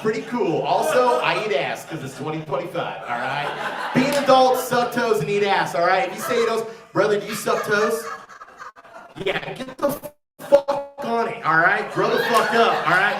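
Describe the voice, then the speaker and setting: Brash, high-voiced stand-up comic in a theater. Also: male voice. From Florida. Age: 30s. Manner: brash, crude, swings to loud shouting. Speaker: stand-up comedian. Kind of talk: stand-up set with crowd work. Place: comedy theater stage before a live audience. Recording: roomy, far-off mic, crowd noise.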